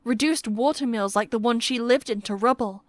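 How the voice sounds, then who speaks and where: A woman narrating a historical fantasy romance audiobook with steady, measured storytelling. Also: fairly high pitch, no echo, studio quality.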